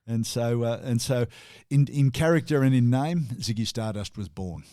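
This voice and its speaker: An Australian man talks through music history in casual chat, chuckling and restarting his sentences as he goes. His voice sits at an ordinary middle pitch. It is recorded close and dry, with no room sound. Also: moderate pace, mellow, no room sound. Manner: chatty, chuckling, many restarts. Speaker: radio co-host.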